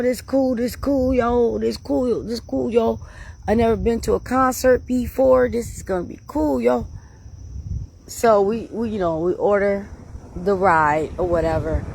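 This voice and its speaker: A woman hosting her own channel, telling stories to her viewers in a casual, animated way, laughing often and calling them y'all. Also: deep voice, slightly rough. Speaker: channel host.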